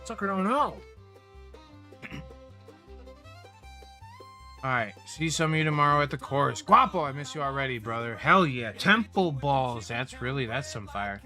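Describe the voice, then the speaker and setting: A man hosting a casual livestream, telling rambling, profane stories about dispensary customers with lively retellings. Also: mid-range voice, moderate pace, soft background music. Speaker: livestream host. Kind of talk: casual storytelling chat.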